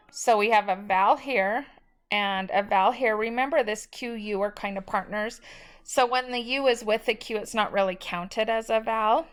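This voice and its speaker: A woman's voice: fairly high pitch, a little slow, a little hiss or hum. A woman teacher giving a recorded spelling lesson, patiently sounding out each word syllable by syllable.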